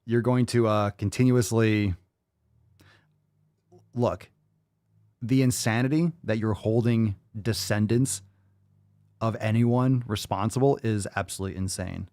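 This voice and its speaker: A man's voice: fairly low pitch, normal speed, long pauses, darkish tone, no room sound, studio quality. A man hosting a show, reacting to video clips with blunt, profane, mocking commentary.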